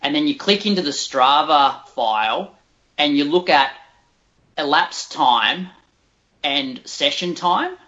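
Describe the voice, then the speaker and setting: A man's voice: on the high side, expressive, takes it slowly, sharp tone. A man co-hosting a casual podcast, explaining things in a matter-of-fact way. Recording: dull lo-fi sound.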